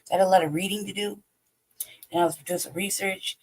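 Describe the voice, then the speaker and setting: A woman hosting a livestream in a casual, rambling way, hoarse from losing her voice and often pausing to search for words. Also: medium pitch, steady tone, darkish tone, rough recording. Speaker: host. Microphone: home streaming setup.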